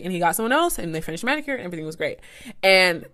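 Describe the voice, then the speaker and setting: A woman's voice: mid-range voice, animated, very fast, a bit bright. A young woman co-hosting a podcast, chatting casually and telling a story with lots of "like". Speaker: podcast co-host. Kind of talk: casual chat.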